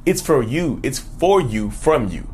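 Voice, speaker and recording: A man's voice: mid-range voice, expressive, a little slow, darkish tone, slight background noise. A man talking casually to camera as a self-help YouTuber, emphatic and preachy, firing off rhetorical questions. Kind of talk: casual direct-to-camera advice talk.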